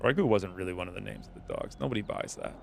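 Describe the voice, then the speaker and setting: A man's voice: low voice, fast, gravelly, darkish tone, a little hiss or hum. A man giving casual live commentary on a strategy game, chatty and thinking aloud, often laughing. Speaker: game streamer.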